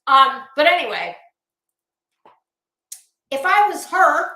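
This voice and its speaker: A middle-aged woman vents in a casual, profane commentary, her tone sharp with sarcasm. Her voice is bright and sits a little high. The room adds a noticeable echo to every line. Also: very animated, slow. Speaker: YouTube commentator. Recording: roomy echo.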